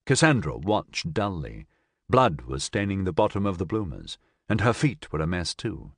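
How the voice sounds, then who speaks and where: A man reading a science fiction audiobook in an expressive, dramatic narrating style. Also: sits low, moderate pace, slightly rough, no echo, clean studio sound. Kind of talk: scripted narration.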